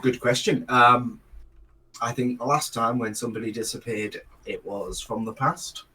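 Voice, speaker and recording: A man of middle pitch acts as game master at a tabletop session. He talks in a halting way, with plenty of fillers and restarts. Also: fairly even intonation, sharp tone, poor audio. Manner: hesitant, many fillers and restarts. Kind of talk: narrating a tabletop game and voicing a mage.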